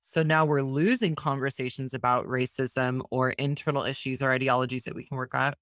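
A podcast host speaking earnestly and thoughtfully in a conversational interview, often speeding up and slowing down. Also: mid-range voice, fairly even intonation, a bit bright, no room sound, studio quality.

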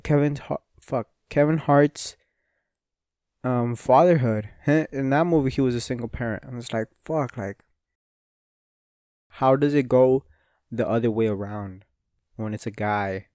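A man talks slowly in a casual solo podcast, rambling and swearing with frequent fillers and restarts. His voice is smooth and clear, recorded dry and close with no room sound. He sounds a little sniffly. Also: mid-range voice, a little mellow, no echo. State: sniffly and yawning. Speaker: podcast host.

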